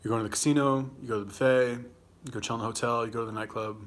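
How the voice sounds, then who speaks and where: A man's voice: mid-range voice, fairly even intonation, very fast. A young man with a Los Angeles accent hosting a casual livestream, rambling and swearing as he answers viewer comments while eating. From California. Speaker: livestream host.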